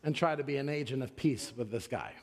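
A man's voice: fairly quick, vocal fry, crowd noise. A middle-aged man preaching a sermon as pastor, telling a story and acting out the quotes in it. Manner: storytelling, acts out quotes with raised pitch.

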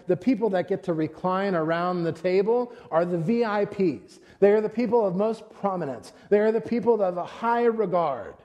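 In a large hall with dull audio, a man preaches as a pastor in a high, mellow voice. He keeps the sermon conversational, telling stories and performing the quotes as he retells each scene.

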